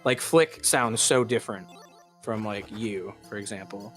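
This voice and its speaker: A man's voice: fairly low pitch, measured pace, soft background music. A man hosting a livestream, chatting casually and rambling with lots of fillers. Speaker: streamer host. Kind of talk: casual chat.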